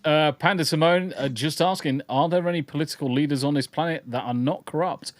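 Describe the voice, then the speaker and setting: A man's voice: a little high, fairly quick. A man hosting a casual podcast, reading the live chat and ranting bluntly with plenty of swearing. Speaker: podcast host.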